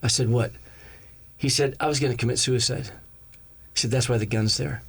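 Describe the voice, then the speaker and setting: A male pastor telling a story to his congregation. His delivery is lively, and he slips into the voices of the people in the story, bouncing up in pitch to play them. His own speaking voice sits at a middle pitch for a man. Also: brisk, gravelly, breathy edge. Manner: animated, acts out each character's lines in the story. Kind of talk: storytelling sermon.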